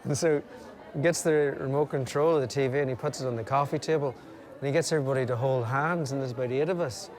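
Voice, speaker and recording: A man telling animated anecdotes in casual chat, slipping into impressions and laughter. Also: medium pitch, fast, a faint crowd. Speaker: guest.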